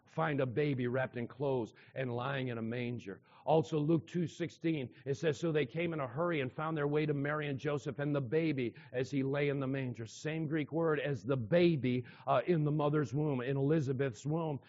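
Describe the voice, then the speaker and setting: In a church hall before his congregation, a pastor preaches in a darkish mid-range voice at a moderate pace with few pauses. He's emphatic, repeating key phrases and questioning his listeners, all heard through dull audio with long reverb.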